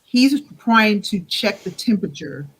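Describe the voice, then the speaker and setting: A woman speaking as a guest on a podcast over an online call, her pitch sitting in the middle range. She talks casually and expressively, acting out little quoted exchanges. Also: measured pace, slightly rough. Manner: expressive, acts out quotes with laughs. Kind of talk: casual chat.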